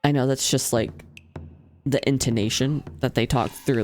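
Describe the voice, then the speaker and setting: A playful streamer talks through a horror game in a mid-pitched voice, reading the on-screen text aloud. The banter is jokey and bursts into loud shouting now and then. Faint game music plays underneath. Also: steady tone, normal speed.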